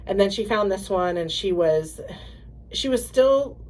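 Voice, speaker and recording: A woman co-hosting a podcast, telling stories in a halting way with many restarts and acting out quoted voices. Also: medium pitch, slight background noise. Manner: animated storyteller, acts out quoted voices. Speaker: podcast co-host. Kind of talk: casual chat.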